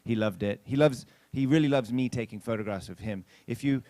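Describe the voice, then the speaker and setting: Brisk and warm in tone, a man's medium-pitched voice comes through a dry recording as a pastor sharing a sermon anecdote. He chats with his congregation directly and acts out the quotes in the story.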